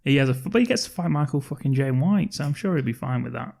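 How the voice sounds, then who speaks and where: A man's voice: medium pitch, animated, fast, creaky, darkish tone. Guy co-hosting a movie podcast, rambly plot recap, swears a lot, laughs a lot. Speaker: podcast co-host. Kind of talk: casual film-review chat.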